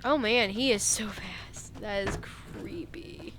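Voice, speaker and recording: A woman's voice: mid-range voice, slow, noisy background. A woman streamer giving casual, joking gameplay commentary and laughing often. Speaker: game streamer.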